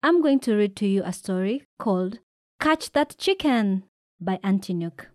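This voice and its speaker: A woman from Kenya reading a children's picture book aloud, with lively shouted voices for the characters. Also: medium pitch, moderate pace, no room sound, studio quality. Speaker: storybook reader. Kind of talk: expressive read-aloud storytelling.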